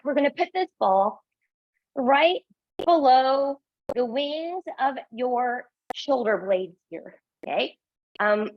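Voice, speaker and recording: A woman's voice: fairly high pitch, dry recording, muffled recording. A woman instructor guiding a Pilates class, counting reps and giving encouraging cues, a little out of breath. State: slightly out of breath.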